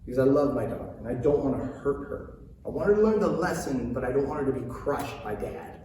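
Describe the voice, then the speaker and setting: A man's voice: mid-range voice, animated, a little fast, mellow, slight background noise. A man speaking as a parenting coach, talking earnestly and directly to his listeners, often repeating his points. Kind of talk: casual talk to viewers. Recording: very echoey room, distant mic, faint ambience.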